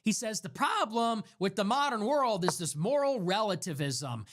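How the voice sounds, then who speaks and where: A man's voice: sits high, sing-song, normal speed, fairly bright tone, heavily acted. A man doing a mocking impression of a preachy male pundit, in a sarcastic, sing-song way.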